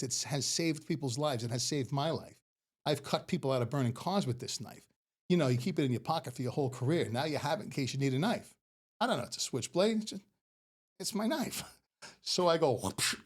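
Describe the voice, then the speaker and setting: A middle-aged man, a retired police officer, telling stories in a casual, animated way and laughing often. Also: on the high side, slightly rough. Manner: animated, laughing often, acts out quoted voices. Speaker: podcast guest. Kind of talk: casual storytelling.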